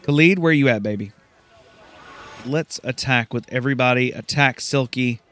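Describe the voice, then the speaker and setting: A man casually narrating a fantasy game he is playing, excitable and swearing at setbacks. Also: mid-range voice, moderate pace, slight background noise. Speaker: gamer. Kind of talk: let's play commentary.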